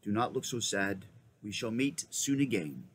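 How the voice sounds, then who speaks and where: A grave, kingly lion, as a male reader voices him, low and solemn and unhurried. The telling still rises and falls with storybook life. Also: expressive, slight background noise. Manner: lower, slow, solemn delivery. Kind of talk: storybook read-aloud.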